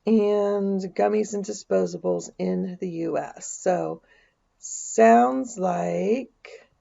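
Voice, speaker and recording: Gravelly-voiced woman thinking aloud. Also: medium pitch, drawn-out words, dark tone, dull audio. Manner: chatty, thinking aloud, dry asides. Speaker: vlogger. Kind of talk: casual screen-share walkthrough.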